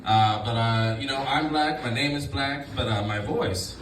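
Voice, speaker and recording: A man doing a stand-up comedy set, talking in a laid-back, halting way with many fillers and a smooth, announcer-like voice. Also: medium pitch, distant mic, loud music behind the voice. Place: comedy club. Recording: roomy club sound from off mic with loud crowd laughter. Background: audience laughing.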